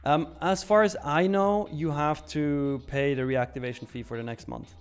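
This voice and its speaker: A man's voice: a little high, fairly even intonation, moderate pace, clear, resonant tone. Chatty man hosting a live trading stream. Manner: chatty, reads viewer questions aloud and answers. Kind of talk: casual live market commentary.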